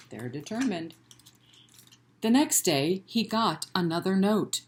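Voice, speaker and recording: A woman leading a children's library storytime, reading a picture book aloud in an animated way and inviting the children to chant along. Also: sits low, unhurried. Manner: gentle and encouraging with children.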